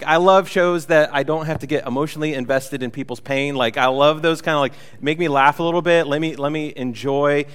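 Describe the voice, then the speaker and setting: A man's voice: fairly high pitch, smooth, big-room sound. A man preaching a sermon as pastor, conversational and joking, with many fillers and restarts. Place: church hall.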